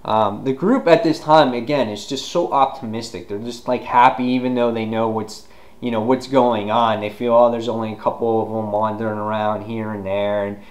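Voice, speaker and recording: A man giving a casual, rambling comic book review, full of fillers and retelling scenes with sudden loud outbursts. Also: fairly low pitch, steady tone, moderate pace.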